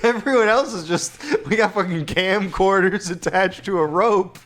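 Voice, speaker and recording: A man's voice: high-pitched, a little slow, a bit bright. A young man co-hosting a casual podcast chat, joking, swearing and laughing often as he riffs on silly bits. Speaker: podcast co-host.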